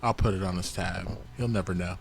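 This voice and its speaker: A man voicing a soft-spoken young barmaid. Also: low-pitched, steady tone, a little fast, creaky, pitched below the performer's own voice. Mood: accommodating.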